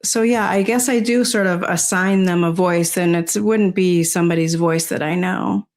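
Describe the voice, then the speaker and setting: A woman's voice: on the low side, steady tone, moderate pace. Older woman, rambling casual chat. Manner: rambling, peppered with "you know" and soft laughs. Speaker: interview guest. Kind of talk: casual conversation.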